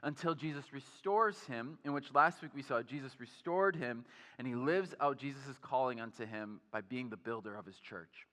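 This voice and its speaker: A man's voice: mid-range voice, moderate pace, sharp tone, big-room sound. A man in his thirties preaching a sermon, telling personal stories in a casual way full of fillers. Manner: casual, storytelling, many fillers like "like". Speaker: pastor. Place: church sanctuary.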